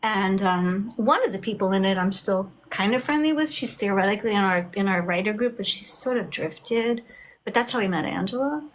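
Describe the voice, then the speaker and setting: A middle-aged woman, talking as an author guest in a casual video chat. She tells her stories with lively acted-out quotes. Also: mid-range voice, fairly quick, a little hiss or hum. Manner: animated storyteller, acts out quotes.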